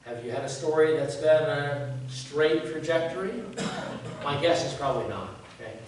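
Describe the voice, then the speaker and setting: A folksy, joking man in his fifties preaching a relaxed sermon and tossing rhetorical questions to the pews. His voice sits a bit high for a man. It is caught from a distance in a very echoey church with a faint hiss. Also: normal speed. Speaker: pastor. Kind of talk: conversational sermon. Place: church sanctuary.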